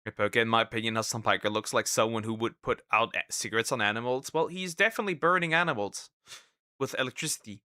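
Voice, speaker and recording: A man streaming and reacting to videos in casual commentary, animated and exclaiming, often repeating himself. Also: medium pitch, quick pace, clean tone, no room sound, clean studio sound.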